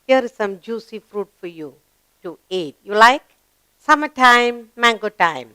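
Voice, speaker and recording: Slow, sing-song Indian English woman teacher. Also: a little high, expressive, sharp tone, clear, resonant tone, no echo. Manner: encouraging, asks questions and answers them herself; drawn-out, sing-song reading of sentences. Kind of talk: slow grammar lesson for young children.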